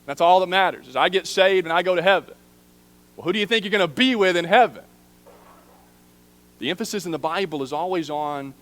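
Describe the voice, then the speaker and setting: Man, preaching minister, earnest sermon, fairly high voice, soft low drops on key phrases. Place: church sanctuary.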